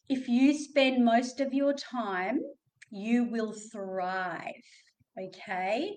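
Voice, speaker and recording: Slow-talking Australian woman coach. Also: a little high, distant mic. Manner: chatty, joking, rambling asides. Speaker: coach and podcast host. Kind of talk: motivational podcast talk.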